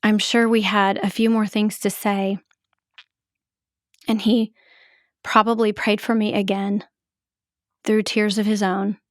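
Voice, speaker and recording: A middle-aged woman telling her own story as a podcast host, in a measured, halting, emotional way. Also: mid-range voice, little pitch movement, no echo, clean studio sound. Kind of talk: reflective personal storytelling.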